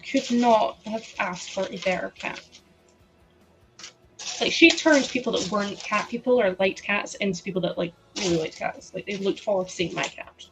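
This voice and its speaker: A woman's voice: medium pitch, moderate pace, music in the background, low-quality recording. A woman hosting a live stream, chatting casually with her audience, rambling with lots of "like" fillers. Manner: chatty, rambling, many "like" fillers, frequent laughs. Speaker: livestream host. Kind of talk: casual chat to a live chat while sorting.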